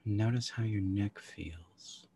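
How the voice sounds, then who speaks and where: Male meditation guide, very low voice, calm and unhurried, long pauses. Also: gravelly, slight background noise. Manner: slow, calm, soft-spoken with long pauses.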